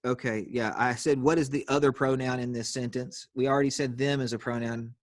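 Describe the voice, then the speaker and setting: A man's voice: medium pitch, fairly even intonation, fairly quick, no room sound, studio quality. A man teaching an online grammar class on a video call, explaining patiently step by step and calling on students.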